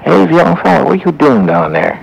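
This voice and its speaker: A kindly old gentleman in his church clothes, calling down with fatherly concern, as a man puts him on. His voice sits noticeably higher than the storyteller's usual deep tone, and it is rough and gravelly. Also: fairly quick, slight background noise, low-quality recording.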